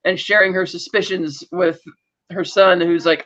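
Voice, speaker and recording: A man's voice: sits high, fairly even intonation, moderate pace, fairly bright tone, muffled recording. A man co-hosting a podcast, recapping a TV episode in a rambling, casual way with many restarts. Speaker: podcast co-host.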